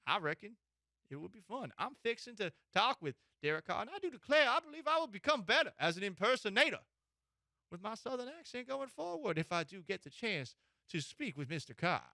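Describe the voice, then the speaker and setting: Picture a folksy Southern gentleman , as a radio host hams one up, dragging out every word in a big put-on drawl. The voice climbs high and bright, with plenty of showy twang. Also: big pitch swings, fairly quick, vocal fry, dry recording, clean studio sound, heavily acted. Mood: playful. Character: man faking a thick Southern drawl.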